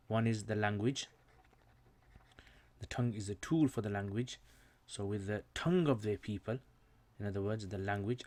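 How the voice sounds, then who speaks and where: A man teaches in a relaxed, informal way, stopping often to search for words. His voice sits at an ordinary middle pitch. He explains point by point, with frequent fillers and restarts. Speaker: Islamic studies teacher. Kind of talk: informal recorded lesson.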